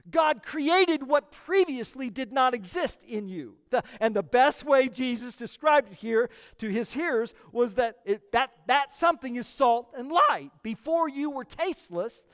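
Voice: sits high, lively intonation, a little slow, a bit bright, in a large hall. A pastor preaching a sermon, emphatic and often repeating words for stress.

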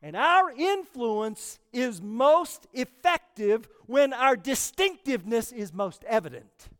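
Slow emphatic pastor preaching, voice swoops up and down a lot, repeats words for stress. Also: mid-range voice, expressive, big-room sound. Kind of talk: sermon.

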